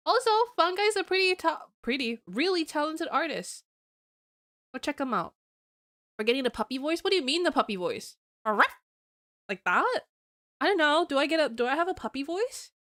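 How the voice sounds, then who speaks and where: A young woman streaming as a vtuber, chatting casually and teasing her viewers with giggles, often slipping into a higher, cutesy greeting voice. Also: animated, a little fast, fairly bright tone, no echo, clean studio sound.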